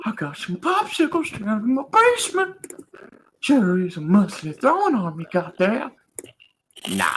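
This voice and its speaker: A man puts on a rapid string of cartoon characters, one exaggerated voice after another. The pitch swings wildly from line to line, and the delivery is slow and drawn out. A faint noise sits under the recording. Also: heavily acted. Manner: jumps between exaggerated voices. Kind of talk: comedy impressions video.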